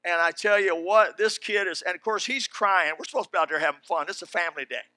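High-voiced, bright older preacher. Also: male voice, fast talker, no echo. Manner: folksy storytelling that builds to shouted preaching. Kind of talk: sermon.

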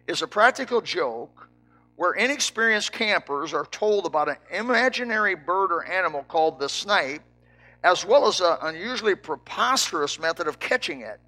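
An older man, a preacher from Indiana, telling a folksy story with lively quoted dialogue. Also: sits high. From Indiana, United States. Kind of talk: storytelling sermon.

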